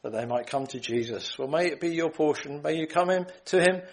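On a rough recording, a man with a fairly high voice preaches a gospel sermon at a fairly quick clip. He sounds earnest and pleading, quotes scripture, repeats phrases a lot and keeps clearing his throat.

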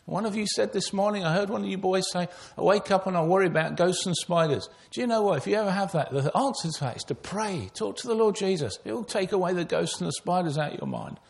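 An older man preaches with earnest conviction, weaving personal stories into his sermon and speaking straight to the children. His voice sits fairly high and carries a gravelly rasp. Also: animated, fast talker, few pauses.

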